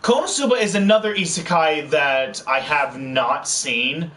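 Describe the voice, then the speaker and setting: A young man chats casually over a game, rambling and restarting his sentences. His voice is bright and slightly high, picked up from some distance with faint background noise. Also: unhurried. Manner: rambling, full of restarts and fillers. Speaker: co-host of a gaming channel. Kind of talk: casual gaming chat.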